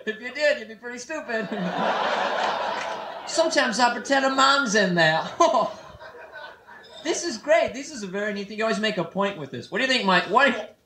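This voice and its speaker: A man in his twenties from San Francisco doing a live stand-up set, teasing the crowd quickly and playfully. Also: high voice, lively intonation. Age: 20s. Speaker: stand-up comedian. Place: comedy nightclub stage. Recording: echoey club, noisy old live tape. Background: audience laughter.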